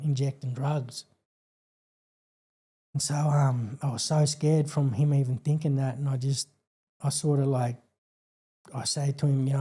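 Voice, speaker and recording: Australian man, guest, very dark and flat-toned, earnest halting storyteller. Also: medium pitch, breathy edge. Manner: halting, earnest, many fillers and restarts. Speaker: podcast guest. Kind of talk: personal storytelling in an interview.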